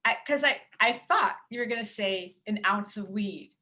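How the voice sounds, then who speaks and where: A woman's voice: medium pitch, normal speed, a crowd in the background. A woman chatting casually, stammering as she reacts in amazement. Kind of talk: casual chat.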